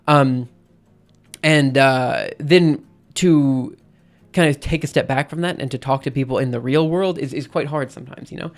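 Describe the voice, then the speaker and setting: A man's voice: medium pitch, moderate pace, soft background music. A man live-streaming in casual chat, rambling and self-interrupting, often checking in with "right?" between thoughts.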